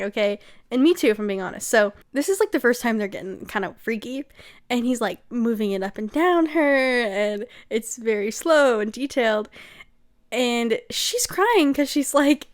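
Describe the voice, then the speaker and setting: A woman recaps a book in a loose, conversational way, her voice sitting a little high. She is sarcastic and chatty, and she keeps breaking into giggles between lines. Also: expressive, moderate pace. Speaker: book reviewer.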